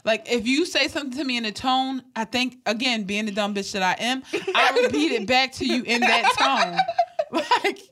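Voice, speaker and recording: A woman's voice: on the high side, animated, normal speed, sharp tone, a little hiss or hum. A young woman co-hosting a casual podcast chat, laughing often and mimicking voices as she talks. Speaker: podcast co-host.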